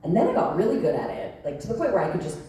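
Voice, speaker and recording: With a deep, mellow voice whose pitch swoops wildly, this woman in her thirties talks very fast. She's a panel guest actress telling chatty, laughing stories packed with "like," recorded from far off in an echoey large convention hall.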